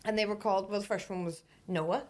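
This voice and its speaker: A woman with a Northern Irish accent in a casual podcast chat, lively and quick to laugh. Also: medium pitch, slight background noise. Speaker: podcast co-host.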